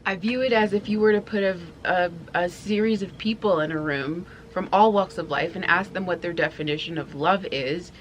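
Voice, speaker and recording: A woman's voice: on the low side, normal speed, few pauses, a crowd in the background. A young woman from New York vlogging outdoors, chatting candidly to camera with frequent laughs. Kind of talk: casual talk to camera. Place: outdoors near horses and dogs.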